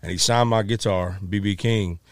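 A middle-aged man, a musician, telling a story in a casual, animated way, acting out quotes with many restarts. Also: lowish voice, normal speed, no room sound, studio quality.

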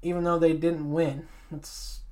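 Man rattling off football standings. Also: a little high. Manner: reads standings in a steady list, adds quick asides. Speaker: sports podcast co-host. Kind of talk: casual sports talk.

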